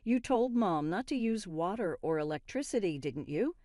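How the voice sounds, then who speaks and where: A woman's voice: mid-range voice, animated, moderate pace, mellow, no room sound, studio quality, natural voice. A woman voicing an angry young husband who talks bluntly and accusingly in a storybook narration.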